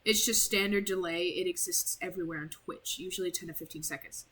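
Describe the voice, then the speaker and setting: A woman's voice: on the low side, fairly even intonation, a little fast, fairly bright tone, husky, rough recording. A young woman casually commenting while streaming a game, rambling and apologetic, with lots of "like". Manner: chatty, rambling, heavy use of "like", apologetic.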